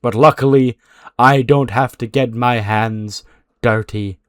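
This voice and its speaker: A man doing a slow, smug wrestling champion. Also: mid-range voice, fairly even intonation, a bit bright, no echo, clean studio sound. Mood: condescending. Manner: slow, deliberate, condescending.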